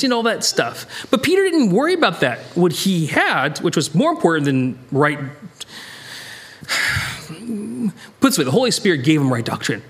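A man's voice: a little fast, breathy edge. An American man leading a Bible study, talking it through casually with lots of restarts and sudden bursts of emphasis. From United States. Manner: animated, rambling, self-interrupting, jumps in pitch for emphasis. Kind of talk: conversational Bible teaching.

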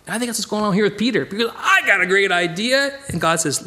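A man teaching a casual Bible study, animated and digressive, chuckling as he goes. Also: high voice, fast, hardly any pauses.

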